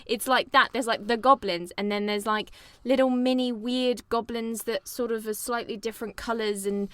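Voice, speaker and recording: Brief: woman co-host, rambling and animated, a bit high, close dry mic. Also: normal speed, no echo. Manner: animated, rambling, full of fillers. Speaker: podcast co-host. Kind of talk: casual chat.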